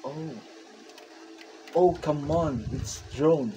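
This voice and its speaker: A woman with a Filipino accent, unboxing a gift on her vlog, excitable and gushing, switching between English and Tagalog. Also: lowish voice, measured pace, a little hiss or hum. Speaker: vlogger. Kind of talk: casual unboxing commentary.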